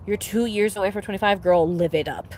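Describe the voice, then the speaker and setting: Young adult woman, casual livestream chatter, mid-pitched, rambly and profane, faint vehicle noise behind. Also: brisk. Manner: rambling, swears often, many fillers and restarts; animated, laughing and excitable. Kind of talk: casual chat to a live audience.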